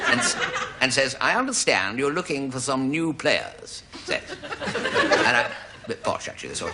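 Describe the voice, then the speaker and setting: A man's voice: medium pitch, big pitch swings, moderate pace, very noisy. Comic man telling a rambling joke. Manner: rambling, digressive storytelling with comic voices. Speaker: comedian. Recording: studio audience laughter behind.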